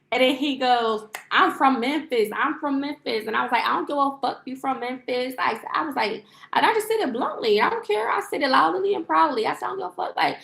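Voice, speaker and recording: A woman's voice: fairly high pitch, a bit bright, roomy sound. A woman vlogger telling a story in a casual rant, rambling and profane, with lots of fillers and restarts. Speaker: lifestyle vlogger and livestreamer.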